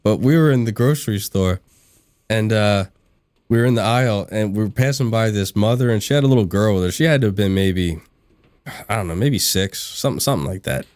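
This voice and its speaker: A man hosts a live game stream and chats loosely with his viewers while he plays. His voice sits low, and he laughs easily and often. He replies to the chat as he goes. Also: brisk, a little mellow, no echo. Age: adult. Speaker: livestream gaming host. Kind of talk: casual chat while gaming.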